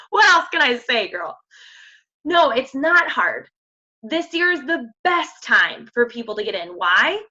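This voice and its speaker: A woman's voice: fairly high pitch, pushed and bright, muffled recording. A woman coaching her fitness team in an emphatic, slangy pep talk. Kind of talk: motivational team call.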